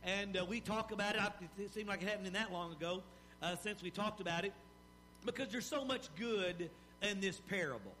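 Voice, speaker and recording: A man preaching a sermon in an animated style, with rising emphasis and pauses. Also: high-pitched, slight background noise. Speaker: pastor.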